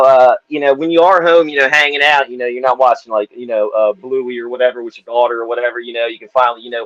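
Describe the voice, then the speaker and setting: A man's voice: mid-range voice, dry recording, muffled recording. A man hosting a casual interview, laid-back, peppering every sentence with "man" and "you know". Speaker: interviewer host.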